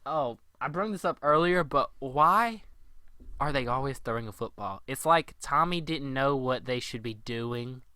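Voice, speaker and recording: Casting: young male podcast co-host, bright and crisp voice, dry close sound. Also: medium pitch, animated, measured pace, dry recording. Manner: laughing, quoting movie lines in put-on voices. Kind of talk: casual chat.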